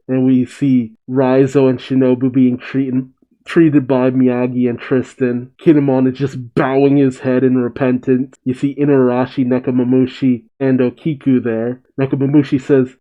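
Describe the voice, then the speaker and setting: A man's voice: mid-range voice, moderate pace. A man reading a comic chapter aloud and reacting to it in casual commentary. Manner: animated, reads dialogue aloud and reacts. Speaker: manga reaction host. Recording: dull lo-fi sound.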